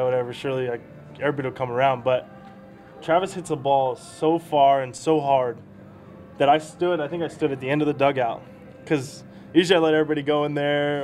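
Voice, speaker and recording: A young man talks at a rapid clip, rambling through baseball stories with easy laughter. His pitch sits in the middle of the male range. He is a prospect chatting with an interviewer. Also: darkish tone. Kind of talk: casual storytelling interview.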